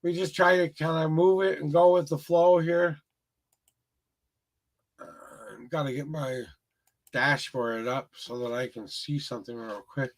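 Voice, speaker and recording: A man's voice: fairly high pitch, fairly even intonation, measured pace, long pauses. A man hosting a tarot livestream, giving viewers an upbeat motivational pep talk in a casual chat. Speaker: tarot reader livestream host.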